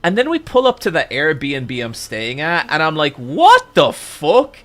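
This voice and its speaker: Swearing, animated young male storyteller. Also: a little high, moderate pace. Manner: animated, swearing, with frequent restarts and "I'm like" quotes. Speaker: streamer. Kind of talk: casual storytelling to a stream chat.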